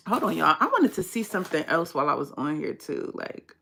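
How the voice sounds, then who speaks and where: A woman from the United States doing a casual livestream card reading, chatty and low-key, in what she calls her monotone morning voice. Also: brisk. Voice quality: gravelly morning voice. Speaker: tarot card reader.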